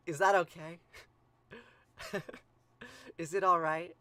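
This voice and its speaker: A man's voice: sits high, sing-song, takes it slowly, bright, forceful tone, full character voice. A man putting on a giddy lovestruck hero king. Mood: gushing. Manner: gushing, breathless, childlike.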